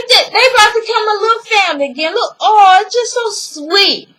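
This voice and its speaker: Animated woman recapping a show. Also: high voice, poor audio. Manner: animated, acts out characters' lines, laughs often. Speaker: vlogger recapping a TV episode. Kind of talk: casual recap chat.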